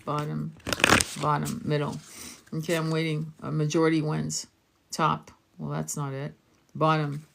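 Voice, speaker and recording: A woman's voice: sits low, completely flat delivery, unhurried, vocal fry, heavy background noise. A woman hosting a live-streamed oracle reading, encouraging her viewers to share. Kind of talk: live-streamed spiritual session.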